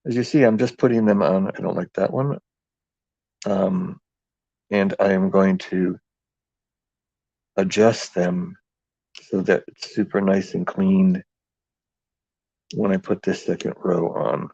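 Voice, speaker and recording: A man's voice: sits low, steady tone, takes it slowly, gravelly, pauses often, dark tone, no room sound. A man with a New England accent hosting a casual live craft demonstration, rambling and joking as he thinks aloud while working, heard in dull lo-fi livestream sound.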